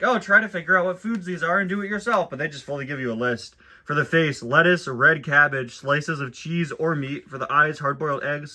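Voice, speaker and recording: Bright-voiced chatty man reading aloud. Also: medium pitch. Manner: chatty and wry, with frequent laughs and asides. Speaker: host reviewing a children's book. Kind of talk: casual commentary, reading aloud.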